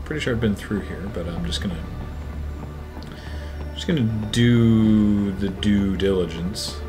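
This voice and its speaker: A man's voice: on the low side, measured pace. A man playing a game on stream, chatting casually in a laid-back, matter-of-fact way. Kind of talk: casual gameplay chat. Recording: game music behind the voice.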